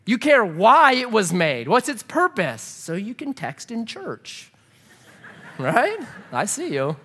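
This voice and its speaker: A man preaching a sermon in church, animated and humorous, asking the congregation rhetorical questions. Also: sits high, takes it slowly, slightly rough. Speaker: pastor.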